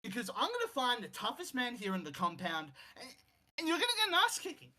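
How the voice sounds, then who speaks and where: A man's voice: very high voice, sing-song, moderate pace, pushed and bright, voice pushed up, full character voice. A man playing an angry male wrestling promoter who rants and threatens an employee, in a game commentary role-play. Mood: furious.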